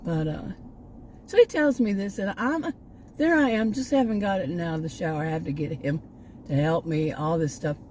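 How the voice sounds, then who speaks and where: Rough recording quality and slight background noise accompany an older woman vlogger from Texas, United States. Her voice is on the low side and a little mellow, moving at a moderate pace. She talks casually and ramblingly, often restarting and going off on asides, slightly short of breath.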